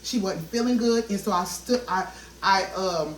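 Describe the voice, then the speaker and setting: A woman's voice: medium pitch, normal speed, a little hiss or hum. A woman in her thirties talks to her viewers while she cooks, speaking in a heartfelt, testifying way and calling them y'all. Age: 30s. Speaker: vlogger. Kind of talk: casual talk while cooking. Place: home kitchen. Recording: echoey kitchen, mic at a distance, cooking sizzle. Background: frying and sizzling food.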